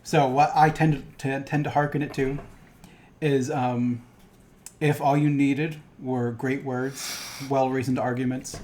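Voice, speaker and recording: A man's voice: medium pitch, level tone, slow, darkish tone. A young man co-hosting a podcast and chatting casually about a cartoon, rambling and swearing. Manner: rambling, profane, fond of asides. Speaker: podcast co-host and game master.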